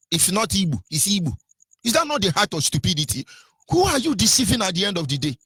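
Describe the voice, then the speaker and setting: A man's voice: high voice, big pitch swings, fast, a bit bright, slightly rough, no room sound. A man with a Nigerian accent giving impassioned radio commentary, scolding his listeners with repeated rhetorical questions and stumbling over fillers.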